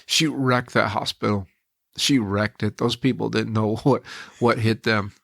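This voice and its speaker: A man's voice: fairly low pitch, steady tone, unhurried, vocal fry, fairly bright tone, dry recording, clean studio sound. A middle-aged man, a podcast guest, telling a personal story in an earnest, reflective way with frequent restarts.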